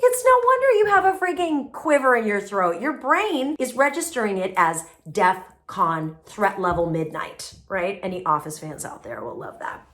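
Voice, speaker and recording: A woman speaking coach giving lively, emphatic advice straight to camera, with playful asides. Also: mid-range voice, normal speed, few pauses. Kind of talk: casual advice video to camera.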